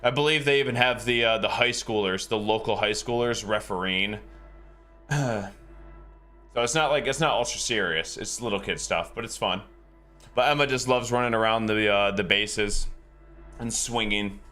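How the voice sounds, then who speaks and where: A man's voice: fairly low pitch, moderate pace, bright, forceful tone, soft background music. A game streamer, a man, chatting casually with his live viewers in a rambling, easygoing way and chuckling often.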